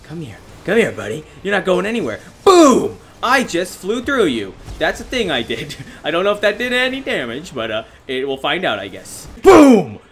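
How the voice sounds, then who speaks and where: A young man giving excitable, self-mocking gameplay commentary as a gaming YouTuber, often laughing at himself. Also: a little high, fairly quick, few pauses, a little hiss or hum.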